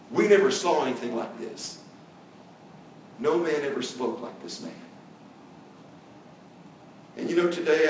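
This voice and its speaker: A man with a fairly high voice preaches an earnest evening sermon, swelling and dropping his emphasis and acting out the voices he quotes. He is picked up from some way off the mic, and the church around him rings with echo. Faint room noise sits underneath. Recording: echoey room, mic at a distance.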